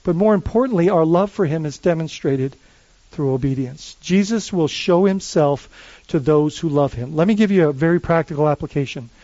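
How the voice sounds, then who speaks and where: A man who is a lead pastor, preaching a sermon in a conversational, animated way, often restarting his phrases. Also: fairly high pitch, normal speed, no room sound, muffled recording.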